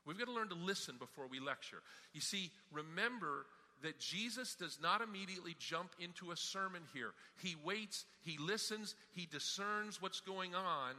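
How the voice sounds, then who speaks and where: Brief: man preaching, bright tense voice, slightly high, long hall reverb. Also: moderate pace, hardly any pauses. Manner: animated storytelling, emphatic. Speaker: pastor. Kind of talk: sermon.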